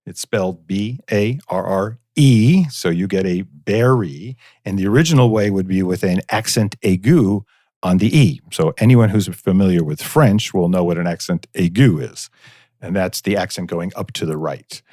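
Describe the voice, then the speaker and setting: A man's voice: sits low, normal speed, warm tone, no echo, studio quality. A man from northeastern Pennsylvania, a guest on a podcast, telling local history in a chatty storytelling way with many fillers. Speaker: guest, preservation society director. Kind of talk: casual podcast interview.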